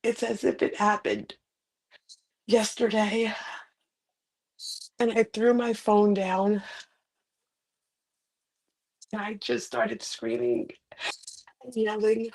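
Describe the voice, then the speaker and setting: A middle-aged woman, an author and motivational speaker, telling a personal story indoors with dramatic rises in pitch and volume. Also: slow pace, pauses often, a little mellow. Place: indoors on a carpeted floor.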